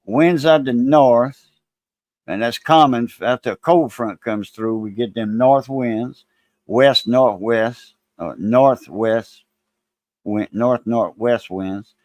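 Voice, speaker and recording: Guy chatting casual on a stream, mid pitch, dry room. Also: slow, a little mellow, no echo. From Louisiana. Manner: rambling, folksy, reads viewer names. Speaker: livestream host. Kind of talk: casual livestream chat.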